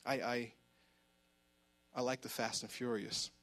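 A man's voice: medium pitch, little pitch movement, unhurried, fairly bright tone. A man preaching a sermon in a church, fervent and emphatic, repeating words as he presses his point. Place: church sanctuary.

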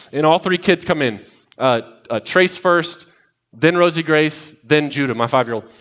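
Pastor, man, 30s, higher register, animated storyteller who builds to emphatic, repeated lines. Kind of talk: sermon with personal stories.

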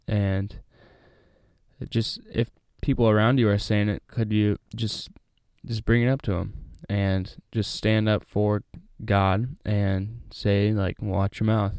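A man reading a Bible passage aloud and then talking it over in a relaxed, chatty way with many fillers. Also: on the low side, slow, smooth, no echo, clean studio sound. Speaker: Bible study host. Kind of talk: casual Bible reading and commentary.

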